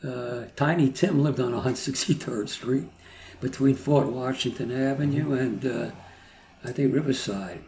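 A man's voice: medium pitch, a little slow, dark tone. An eighty-two-year-old man, reminiscing in casual chat and chuckling as he rambles through stories. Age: 80s. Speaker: guest. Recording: roomy echo, faint noise.

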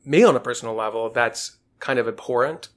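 A man, an actor, talking in a casual podcast conversation, thoughtful and halting with frequent restarts. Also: mid-range voice. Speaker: actor guest.

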